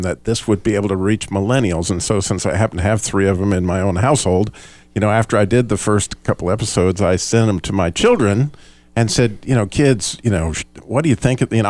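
A man's voice: lowish voice, a little mellow, no echo. A middle-aged man hosting a radio talk show, chatting casually with frequent self-deprecating restarts.

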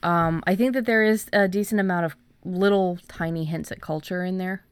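Low-voiced woman author reading her own story, measured, dry close sound. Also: fairly even intonation, clean tone, dry recording. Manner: measured reading, hesitant with fillers when chatting. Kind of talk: storybook narration, then casual chat.

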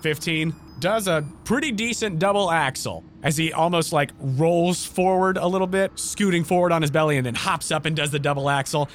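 A man playing game master in casual table play, playful and quick to laugh. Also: a little high, a bit bright, slight background noise.

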